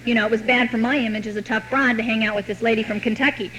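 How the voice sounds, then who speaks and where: A woman telling her own recovery story to a meeting, with wry, deadpan humor. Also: a little high, rapid-fire, a little hiss or hum, low-quality recording. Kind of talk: personal recovery story told to an audience.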